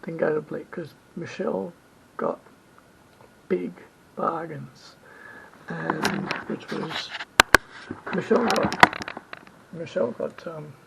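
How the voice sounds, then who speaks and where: High, gravelly man rambling travel tips. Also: slow pace, long pauses. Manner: rambling, repeats himself, self-corrects. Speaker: travel vlogger. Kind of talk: rambling travel advice monologue. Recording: dull lo-fi recording with faint rumble.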